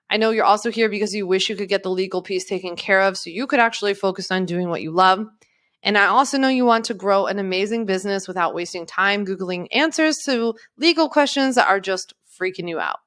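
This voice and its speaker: A woman in her thirties, an attorney and coach, giving an upbeat and encouraging sales pitch in a webinar. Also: fairly bright tone.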